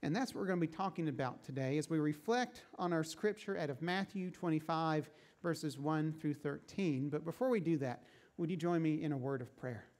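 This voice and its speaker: A male pastor preaches in a relaxed, conversational storytelling manner. His voice sits slightly higher than most men's, and he varies his pace to draw listeners along. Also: moderate pace. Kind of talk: sermon.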